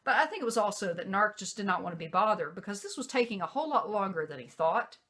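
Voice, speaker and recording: A woman's voice: mid-range voice, fast talker. A woman vlogger telling a personal story in a casual way, acting out what other people said. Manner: animated, acts out quoted voices.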